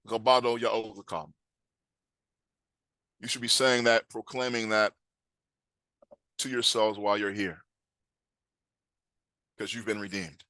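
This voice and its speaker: A man teaching a scripture class, emphatic, quizzing his listeners and reading words aloud slowly. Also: fairly low pitch, sharp tone, no room sound.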